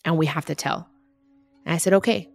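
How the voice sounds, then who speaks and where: A woman's voice: low-pitched, a little fast, gravelly, soft background music. A woman telling a painful personal story candidly, acting out the remembered dialogue. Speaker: podcast guest telling her life story.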